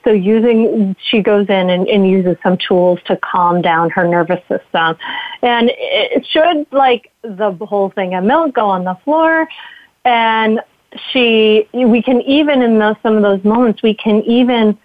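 A woman's voice: mid-range voice, measured pace, dry recording. Laughing woman on a tinny call line. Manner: lively, laughs often, acts out quoted feelings. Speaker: guest, mindful parenting author. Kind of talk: casual interview talk. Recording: dry, tinny phone-like line.

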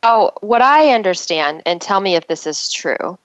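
A woman's voice: lowish voice, animated, normal speed, dry recording. A woman co-hosting a radio show, easygoing and prompting the guest with questions. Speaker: radio co-host. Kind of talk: casual radio chat. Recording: dull lo-fi radio sound.

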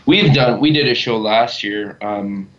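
Low-voiced man telling earnest stories. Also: a bit bright. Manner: earnest, halting storytelling. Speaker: youth leader. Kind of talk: casual podcast chat. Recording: dull lo-fi sound.

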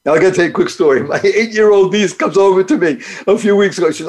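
A man's voice: high voice, racing, few pauses. A man hosting his own show, giving a playful, upbeat motivational talk full of acronyms and wordplay. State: speaks despite paralysis from a rare disease. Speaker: podcast host. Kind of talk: motivational monologue.

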